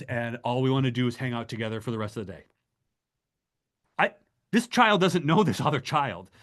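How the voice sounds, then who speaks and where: A middle-aged man presenting a fundraising webinar, speaking emphatically and urging his listeners on. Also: medium pitch. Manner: emphatic, exhorting, animated. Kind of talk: motivational webinar talk.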